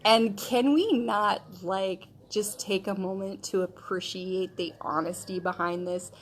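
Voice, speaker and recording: Casual female Bible study teacher, conversational storyteller, slangy, filler-heavy. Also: mid-range voice. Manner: conversational storytelling, retelling scripture in modern slang; chatty, with frequent fillers like okay and um.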